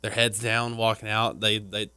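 A man's voice: lowish voice, flat delivery, normal speed, pushed and bright, a little hiss or hum. Chatty man with a Texan twang. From Texas. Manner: rambling, filler-heavy, chatty. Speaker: podcast co-host. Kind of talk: casual chat.

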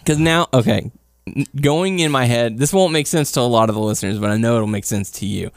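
A man's voice: mid-range voice, animated, brisk, no room sound, clean studio sound. A man co-hosting a casual podcast, joking and acting out dramatic lines. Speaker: podcast co-host. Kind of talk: casual chat.

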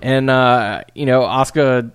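A man chatting casually as a podcast co-host, animated and acting out what others said. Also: mid-range voice, a little slow, clear, resonant tone, no echo, studio quality. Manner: animated, acts out quotes in put-on voices. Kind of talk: casual chat about wrestling.

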